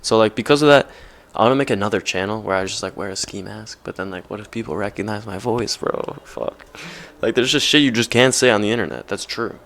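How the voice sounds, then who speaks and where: A man's voice: fairly low pitch, a little fast, vocal fry, fairly bright tone, a little hiss or hum. A young man vlogging off the cuff, rambling with lots of slang and filler words. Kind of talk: casual off-the-cuff vlog talk.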